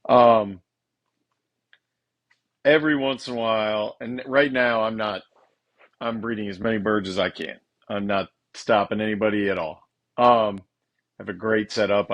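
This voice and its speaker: A man, co-hosting a podcast in a frank, matter-of-fact casual way. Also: fairly low pitch. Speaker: podcast co-host, bird breeder.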